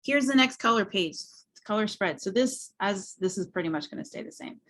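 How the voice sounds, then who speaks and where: A woman's voice: mid-range voice, lively intonation, a little fast, fairly bright tone. A woman teaching a graphic novel class on a video call, rambling with many ums as she talks through her pages. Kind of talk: casual class walkthrough.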